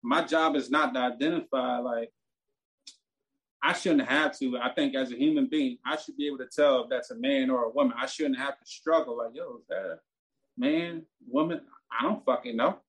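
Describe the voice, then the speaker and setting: A man's voice: mid-range voice, a little fast. A man, telling a story in casual, profane talk that turns heated. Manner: animated, profane, gets heated and loud.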